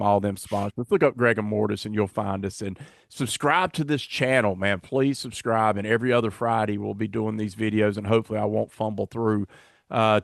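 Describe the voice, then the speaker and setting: A man's voice: lowish voice, creaky, no echo, clean studio sound. A man hosting a podcast in casual chat, rambling and self-deprecating as he fumbles along. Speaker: podcast host.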